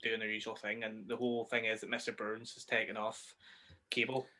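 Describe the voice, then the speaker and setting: A man's voice: on the low side, flat delivery, fairly quick, over a noisy crowd. A man with a Northern Irish accent, co-hosting a casual film podcast, eagerly retelling scenes and swearing freely. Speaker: podcast co-host.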